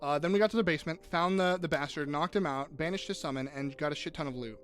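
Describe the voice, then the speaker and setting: A young man chatting casually on a live gaming stream, jokey and swearing, quick to tear up. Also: a little high, soft background music. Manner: animated, swearing, jokey, easily teary.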